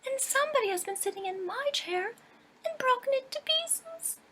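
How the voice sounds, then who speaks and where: A woman voicing a tiny bear cub with a shrill, piping voice. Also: lively intonation, normal speed, a little hiss or hum, exaggerated voice. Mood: indignant. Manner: loud, piping and very high.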